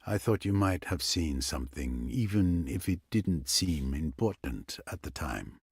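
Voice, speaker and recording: Poirot, a low, formal Belgian detective. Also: male voice, expressive, a little mellow, breathy edge, no room sound, studio quality, exaggerated voice. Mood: courteous. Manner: formal, courteous, measured. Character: fastidious older male Belgian detective, polite. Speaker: detective questioning suspects. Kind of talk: video game voice acting.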